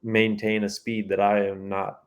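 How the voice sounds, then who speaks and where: A man's voice: fairly low pitch, monotone, a little slow, clear, resonant tone. A man from the United States, a motocross mechanic guest, chatting casually and joking at his own expense. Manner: casual, self-deprecating, says "dude". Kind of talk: casual interview chat.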